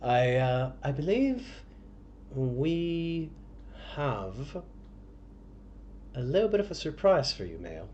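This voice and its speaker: A polite art dealer, smooth and modest, brushing off praise with courtesy, as a game master voices him. His tone stays near a man's ordinary mid-range voice, measured and slow. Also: mid-range voice, very animated, a little mellow, a little hiss or hum. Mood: courteous. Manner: courteous, politely self-deprecating.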